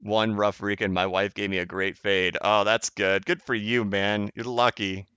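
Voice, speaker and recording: A man hosts a live stream from home, reading out viewer comments in a loose, rambling way, restarting his sentences and laughing along. His voice is bright and crisp, and he talks a little low. The stream audio is a bit dull and lo-fi. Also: flat delivery, moderate pace, dry recording. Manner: rambling, self-correcting, laughs often. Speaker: crypto live stream host.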